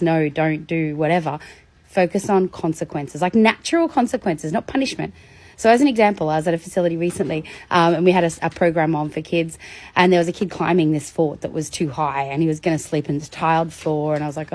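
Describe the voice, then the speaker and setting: A woman giving a casual educational talk about children, lively and storytelling, acting out examples. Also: brisk. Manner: animated, acts out examples with big pitch jumps and laughs. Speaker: educator on demand avoidance in children.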